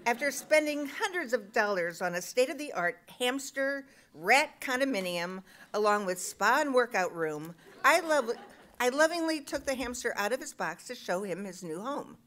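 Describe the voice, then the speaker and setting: A woman's voice: a little high, animated, normal speed, fairly bright tone. A middle-aged woman reading her own comic personal essay aloud at a live show, self-mocking with punchy timing.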